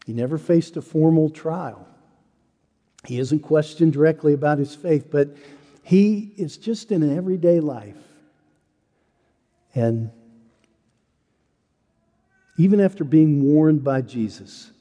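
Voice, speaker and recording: A man's voice: on the high side, warm tone. Earnest preacher man in a reverberant hall. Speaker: pastor. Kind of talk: sermon.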